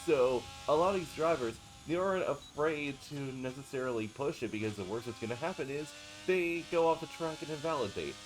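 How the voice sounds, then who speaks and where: A man with a stuffy, congested voice giving live commentary on a racing game and calmly explaining car setup. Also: fairly high pitch, fairly quick, few pauses, noisy background. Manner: explanatory, steady analysis. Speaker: esports commentator.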